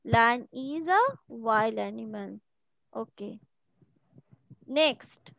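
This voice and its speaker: Slow, high-voiced teacher. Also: female voice, vocal fry, a bit bright, no room sound, muffled recording. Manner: repeats words and questions patiently. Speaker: school teacher. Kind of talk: online class question drill. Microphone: video call from home.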